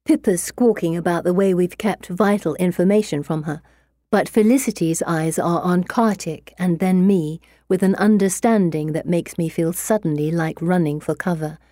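A woman reading a novel aloud in the first person, measured and expressive. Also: on the low side, no echo, clean studio sound. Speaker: audiobook narrator.

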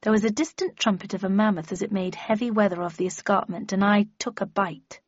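Woman audiobook narrator, first-person, wry, mid pitch, dull dry recording. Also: fairly even intonation, a little fast, dry recording.

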